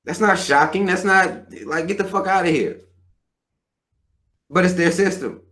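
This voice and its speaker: A man's voice: sits high, unhurried, fairly bright tone. A man in his thirties hosting a live show, ranting bluntly and with plenty of profanity. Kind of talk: livestream rant.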